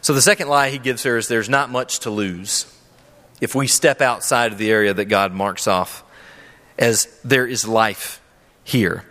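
A man's voice: mid-range voice, a little slow, sharp tone. A man preaching a sermon to a congregation in a church, earnest and emphatic, asking rhetorical questions. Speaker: pastor. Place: church sanctuary with a live audience. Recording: long hall reverb.

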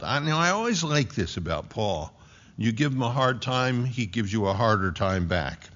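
A man's voice: mid-range voice, big pitch swings, moderate pace, a bit bright. A man preaching an expository sermon in a church, emphatic with folksy asides. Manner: emphatic, folksy asides between scripture readings. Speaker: pastor. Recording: dull lo-fi recording.

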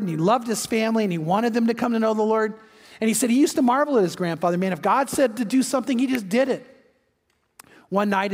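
High-voiced pastor in an echoing hall. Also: male voice. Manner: energetic, acts out quoted voices. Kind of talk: sermon storytelling. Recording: long hall reverb.

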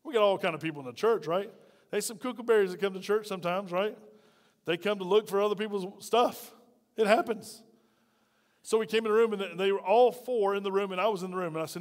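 High-voiced preacher in a reverberant church. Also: male voice, quick pace. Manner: conversational preaching with acted quotes, swinging loud and quiet. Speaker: pastor. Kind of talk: sermon. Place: church hall. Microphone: lapel.

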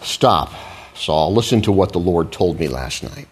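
A preacher voicing a stern, low-toned old prophet. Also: male voice, lively intonation, measured pace, slightly rough, full character voice. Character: stern upright old prophet, man of integrity.

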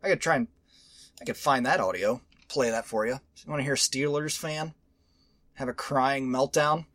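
A man hosting a podcast in casual chat, rambling, animated and profane. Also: mid-range voice, normal speed, no room sound. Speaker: podcast host.

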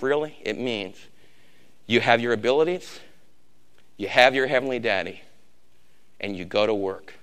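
A man preaching a sermon, emphatic, swinging from loud exhortation to a hushed, intimate tone. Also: medium pitch, smooth.

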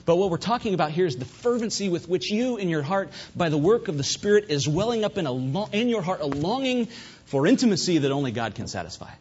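A man preaching a sermon at a church service, fervent, swinging between loud emphasis and hushed asides. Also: high voice, big pitch swings, fast talker, slightly rough. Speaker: pastor. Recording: dull lo-fi recording.

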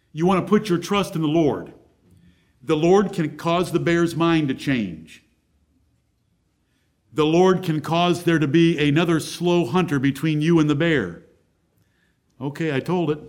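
A man with a high-pitched voice preaching a sermon. He speaks emphatically and presses his points with one rhetorical question after another. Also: a little mellow. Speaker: pastor.

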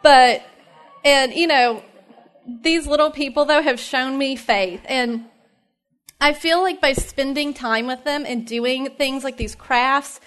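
A woman's voice: high-pitched, slow pace, fairly bright tone, soft background music. A woman in her thirties from East Tennessee with a Southern accent, giving a chatty, heartfelt personal faith talk to a group of mothers, with lots of fillers and laughter. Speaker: speaker at a moms' ministry meeting.

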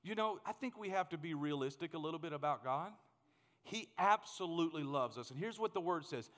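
A man in his thirties preaching a sermon as pastor, animated and joking, often repeating words as he gets going. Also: on the high side, a little fast, in a large hall.

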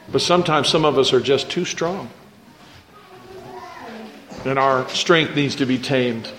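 A man preaching a sermon to his church in a conversational way. He asks the congregation questions and acts out the voices of people he quotes. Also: medium pitch. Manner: acts out quoted voices, repeats words when starting sentences. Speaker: pastor.

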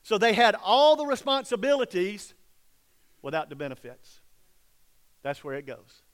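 A male pastor with a high speaking voice, preaching in a dramatic storytelling manner. He swings from bold emphasis down to hushed, near-whispered lines. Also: big pitch swings, normal speed. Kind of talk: sermon.

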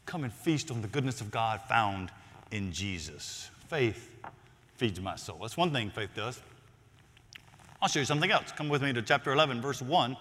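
A man preaching a sermon as a pastor, swinging between loud emphatic lines and near-whispered ones. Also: medium pitch, animated, normal speed, long reverb tail, a little hiss or hum.

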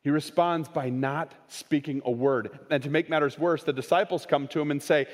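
A man preaching a sermon, swinging between raised, quoted lines and hushed, slowed emphasis. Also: on the high side. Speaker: pastor. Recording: long hall reverb.

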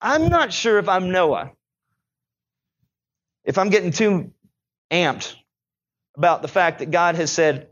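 A man's voice: sits high, lively intonation, slow pace, pauses often, fairly bright tone, muffled recording. A male pastor preaching a sermon in a chatty style, with joking asides between Bible readings.

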